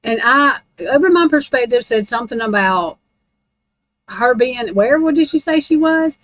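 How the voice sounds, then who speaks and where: A woman's voice: fairly high pitch, animated, moderate pace, fairly bright tone, no echo, lo-fi sound. A woman in a casual, rambling rant about true crime, blunt and heavy on profanity.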